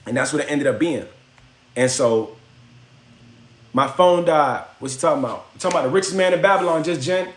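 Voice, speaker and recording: A man's voice: a little high, brisk, long pauses. A man hosting a livestream, telling a story in a slangy, rambling, conversational way. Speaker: livestream host. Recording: roomy echo.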